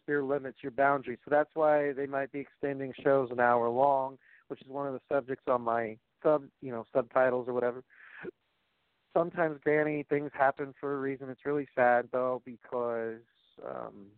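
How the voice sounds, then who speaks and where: A man's voice: medium pitch, dry recording. A man hosting a casual wrestling and sports chat show, rambling and joking with lots of fillers. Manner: rambling, filler-heavy, jokey. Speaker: podcast host. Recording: dry, tinny phone-like sound.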